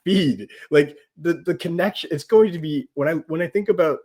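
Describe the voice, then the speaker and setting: A man speaking as a guest on a casual football chat, animated and rambling, often saying "like" and laughing. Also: fairly high pitch, normal speed. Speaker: guest pundit.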